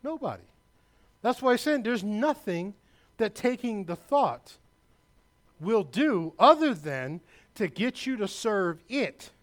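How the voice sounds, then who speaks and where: A male pastor preaching a sermon, emphatic and loud, with asides to the congregation. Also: high voice, big pitch swings, takes it slowly.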